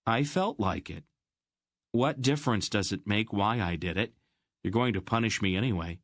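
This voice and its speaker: A man's voice: lowish voice, moderate pace, dry recording, studio quality, voice pushed up. A man voicing a resentful teenage farm boy in an audiobook, sulky and defensive. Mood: sulky, defiant. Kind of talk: audiobook character voice.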